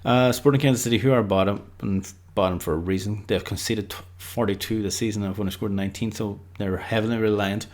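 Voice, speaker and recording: A man's voice: fairly low pitch, fairly even intonation, fast, hardly any pauses, a little mellow. A man giving casual, unscripted football predictions, rambling loosely and leaning on lots of filler words. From Ireland.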